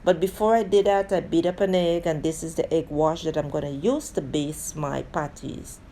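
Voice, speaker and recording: A woman hosts a relaxed cooking tutorial, talking through each step and calling her viewers "guys". Her voice sits low and sounds warm and mellow. A faint hiss stays in the background. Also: normal speed. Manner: chatty, addresses viewers as guys; talks through each step with friendly asides. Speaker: cooking channel host.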